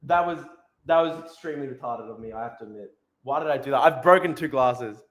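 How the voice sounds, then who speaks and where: A man's voice: medium pitch, expressive, fast talker. A man hosting a livestream, swearing and laughing at himself as he rants. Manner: swearing, self-mocking, laughing often. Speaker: streamer host. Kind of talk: livestream rant.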